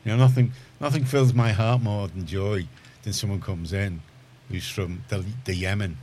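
Deep-voiced Liverpool radio host. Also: male voice, moderate pace, a little mellow, a little hiss or hum. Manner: rambling, chatty, many restarts. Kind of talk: casual studio chat. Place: community radio studio.

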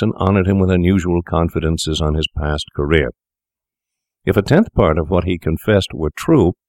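Deep male narrator, measured storytelling, dry close sound. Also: a little mellow, dry recording. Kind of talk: scripted audiobook narration.

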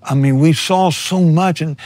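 A man's voice: fairly high pitch, a little slow, a little mellow, no room sound. A middle-aged man, a missionary preacher, telling his story earnestly in an interview and acting out his own words. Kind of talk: personal testimony in an interview.

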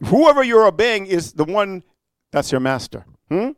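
A man's voice: high voice, big pitch swings, moderate pace, no room sound, studio quality. A man preaching a sermon, emphatic and rhetorical, prodding listeners with repeated "amen?" and "huh?".

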